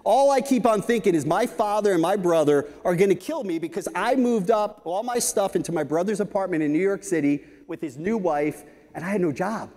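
High-voiced man telling stories on stage. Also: fairly quick, few pauses. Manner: lively anecdotal, frequent "right?" asides. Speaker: keynote speaker. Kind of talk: storytelling conference talk. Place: large conference hall stage. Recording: reverberant conference hall.

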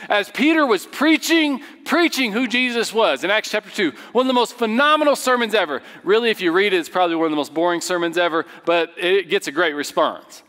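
A man preaching a sermon as pastor, moving between loud emphatic passages and quiet, low ones. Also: lively intonation, a little fast, few pauses. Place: church sanctuary. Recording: long hall reverb.

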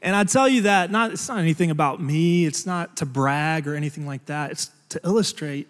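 Male pastor, earnest, slightly high voice, sermon, long hall reverb. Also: a little fast. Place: large church auditorium.

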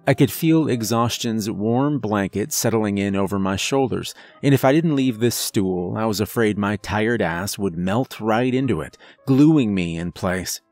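Low-voiced man narrating a horror story. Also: unhurried, hardly any pauses, darkish tone, no room sound. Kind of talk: scripted first-person horror narration. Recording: narration with faint music underneath.

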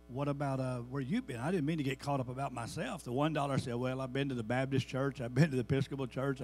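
Folksy man testifying in a hall. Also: mid-range voice. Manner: folksy storytelling, builds to fervent emphasis. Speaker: church member giving testimony. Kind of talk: sermon testimony. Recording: reverberant church hall.

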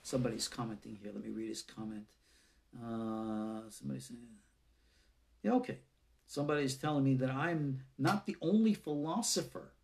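A man's voice: medium pitch, moderate pace, vocal fry, darkish tone. A middle-aged man, a rabbi, giving a live-streamed lecture in an earnest, emphatic, exhorting way. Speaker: rabbi teaching an online class.

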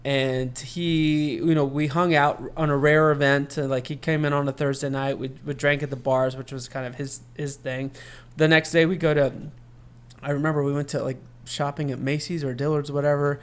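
Co-hosting a podcast, a man tells a long personal story in casual chat, performing the voices of the people he quotes. His voice is a little high and clean, with a level tone and moderate pace.

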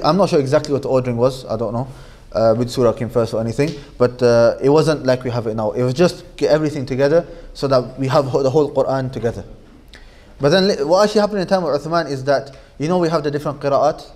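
A man's voice: medium pitch, darkish tone. A man with a Manchester accent teaching an informal classroom lesson, talking conversationally, repeating his points and checking in with the students. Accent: Manchester English. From Manchester, England.

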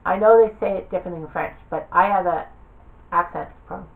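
A woman with a somewhat low voice talks casually through a game menu. Her delivery is offhand and rambling, as if she is thinking aloud. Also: fairly quick, creaky, low-quality recording. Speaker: gaming video creator. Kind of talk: casual commentary while browsing a game.

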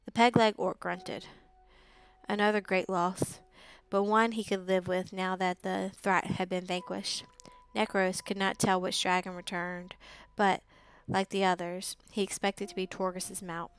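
A woman reading a fantasy novel aloud as narrator, steady and even, with occasional slips. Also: mid-range voice, unhurried, clean tone, poor audio. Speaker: audiobook reader. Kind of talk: live book reading narration.

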